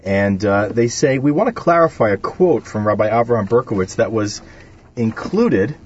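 A man's voice: lowish voice, animated, normal speed, darkish tone, husky, highs cut off. A man hosting a radio talk show, chatting casually and reading statements aloud with many fillers.

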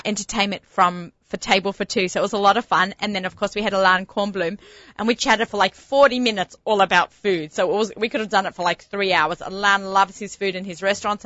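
A woman hosting a casual chat show, talking excitedly with lots of fillers. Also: medium pitch, no echo, dull audio. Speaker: show host.

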